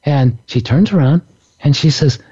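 A man telling a story in a relaxed spiritual talk, animated and laughing often. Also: a little high, moderate pace, husky, muffled recording. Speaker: author and speaker.

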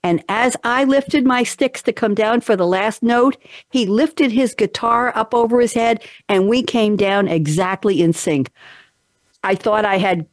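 A woman's voice: mid-range voice, darkish tone, no echo, studio quality. A woman radio talk show host telling stories in a casual chat, acting out quoted voices with animation.

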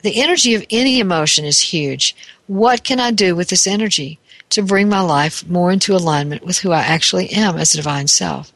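A spiritual teacher talks through ideas in a reflective, searching way, often pausing to rephrase. The sound is close and dry, with no room echo. The pitch sits in the middle. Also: a bit bright. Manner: thoughtful, searching, self-correcting.

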